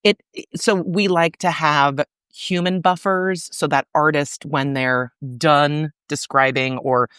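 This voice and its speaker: A middle-aged woman talking as a podcast guest about her arts organization, in a chatty, animated way full of fillers. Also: deep voice, takes it slowly, hardly any pauses, smooth, no echo, studio quality. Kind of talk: casual interview conversation.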